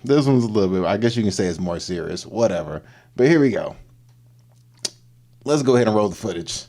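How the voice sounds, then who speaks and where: Animated man reacting on a livestream. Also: fairly low pitch, fairly quick. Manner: animated, laughing often, repeats punchlines. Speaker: livestream host.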